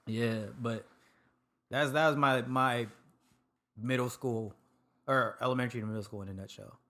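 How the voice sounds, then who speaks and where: A man from Sacramento, a podcast guest telling his story in relaxed, casual chat and swearing now and then. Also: medium pitch, moderate pace. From Sacramento, California. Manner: laid-back, laughs often, swears casually. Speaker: podcast guest, food truck owner.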